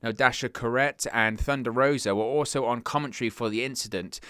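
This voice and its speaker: A man's voice: medium pitch, fairly even intonation, fairly quick, sharp tone, smooth, no room sound, studio quality. A young man hosting a wrestling news show, talking earnestly and stumbling over words when he gets worked up. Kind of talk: casual news commentary.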